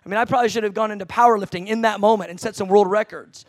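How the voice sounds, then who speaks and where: High-voiced male preacher, dry close sound. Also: very fast, no echo. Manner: animated storytelling with shouted acted quotes and laughter. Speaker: pastor. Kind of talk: sermon.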